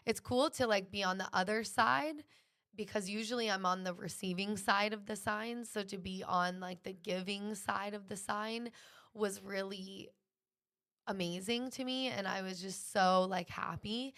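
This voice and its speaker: A woman's voice: medium pitch, fairly even intonation, measured pace, a bit bright. A young woman hosting a podcast, telling a personal story in a casual, earnest way with lots of "like". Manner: earnest, fills speech with "like". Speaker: podcast host.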